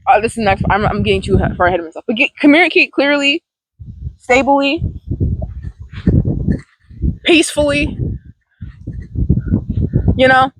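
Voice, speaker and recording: A woman's voice: sits high, fairly bright tone, no room sound, poor audio. A woman vlogging outdoors about setting boundaries, blunt and profane, rambling with restarts. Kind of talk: casual self-help vlog. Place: outdoors near a large tree. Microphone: phone or camera recording herself.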